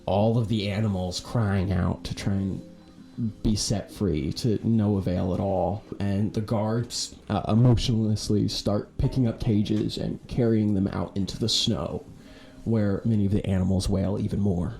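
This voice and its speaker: A man running a tabletop game as game master, narrating in a casual, animated way. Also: on the low side, measured pace, vocal fry, soft background music. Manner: casual, animated, laughing storyteller.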